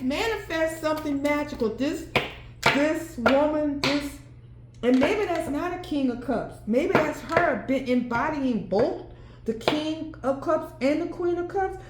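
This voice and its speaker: A woman's voice: sits high, echoey room, heavy background noise. A woman giving a solo tarot card reading, thinking aloud and breaking into exclamations and laughter. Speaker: tarot reader.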